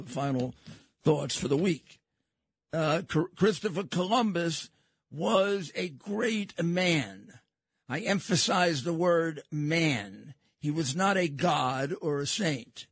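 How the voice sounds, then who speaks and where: Husky older New York man hosting talk radio. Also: a little high, no echo. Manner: combative, lecturing, repeats phrases. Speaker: radio show host. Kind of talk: opinionated radio monologue.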